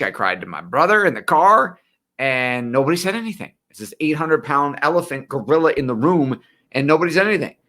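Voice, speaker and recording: Bright-voiced middle-aged man telling his story. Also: mid-range voice. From western New York. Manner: conversational storyteller, earnest and direct. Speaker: college financial aid planner. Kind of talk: personal origin-story talk.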